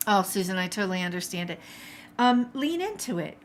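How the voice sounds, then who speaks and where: A woman's voice: fairly high pitch, animated, fairly quick, fairly bright tone, a little hiss or hum. A middle-aged woman teaching a live watercolor paint-along, chatty and encouraging, reading out viewer comments as she paints. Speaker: art instructor.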